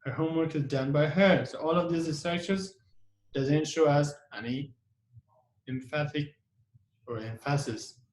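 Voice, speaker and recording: Halting man teaching grammar, echoey. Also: a little high, fairly even intonation. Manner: halting, many fillers and restarts, repeats examples. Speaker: English teacher. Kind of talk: online grammar lesson.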